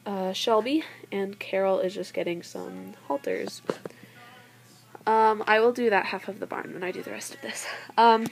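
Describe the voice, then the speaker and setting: Teenage girl, casual toy tour, chatty, giggly, mid-pitched, talking into a handheld camera. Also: poor audio. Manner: chatty, giggly, loses her train of thought. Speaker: toy collector vlogger. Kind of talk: casual show-and-tell tour.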